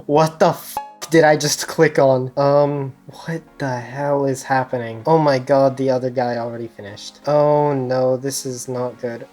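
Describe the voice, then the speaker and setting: A woman hosting a cubing video, giving nervous, excitable running commentary with frequent swearing and laughter. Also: extremely low pitch. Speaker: speedcubing channel host. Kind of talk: casual vlog commentary while playing. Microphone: GoPro camera.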